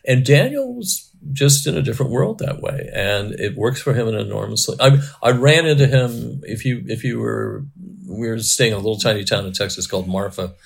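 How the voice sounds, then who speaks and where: A man's voice: mid-range voice, expressive, brisk, gravelly, husky. A middle-aged man, a cinematographer guest, telling rambling anecdotes in casual interview chat.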